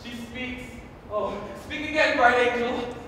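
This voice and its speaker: A young man playing Romeo, ardent and dreamy, declaiming then dropping to hushed asides. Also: extremely high pitch, unhurried, slight background noise, heavily acted. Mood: yearning. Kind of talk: live stage acting. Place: school building during a performance. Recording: echoey hall, distant camera.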